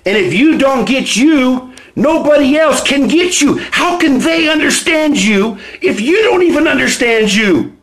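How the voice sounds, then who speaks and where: A man with a high voice gives a motivational talk on a live stream. He reads from his book and chats with viewers in low, casual asides. Then he bursts into loud, emphatic preaching. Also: animated, a little slow, few pauses, poor audio. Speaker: host reading from his book. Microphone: phone or webcam on a live stream.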